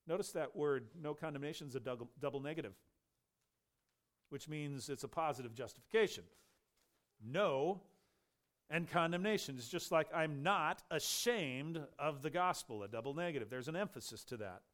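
A man preaching a sermon with emphatic stress, raising his voice for questions and dropping low on key words. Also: animated, moderate pace, fairly bright tone.

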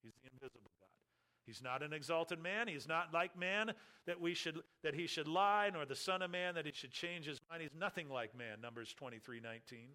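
A man preaching a sermon as pastor, emphatic, slowing down to stress key phrases. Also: a little high, pushed and bright.

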